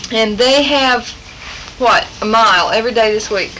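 A woman giving a spoken fill-in-the-blank test, halting with many fillers and saying okay after each answer. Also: fairly high pitch, noisy background. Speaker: language tester. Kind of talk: reading fill-in-the-blank prompts.

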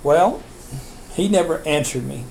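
A man's voice: on the high side, expressive, a little slow, vocal fry, a little mellow, slight background noise, rough recording. An older man recounting his family history in a rambling, chuckling way, with many restarts. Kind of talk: oral history storytelling.

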